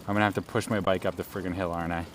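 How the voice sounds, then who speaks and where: A man's voice: deep voice, flat delivery, very fast. Guy biking thru the city on a live stream, chatty, talks to chat, bit of street noise behind. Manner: chatty, talks to viewers while riding. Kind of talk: casual live-stream chat while cycling.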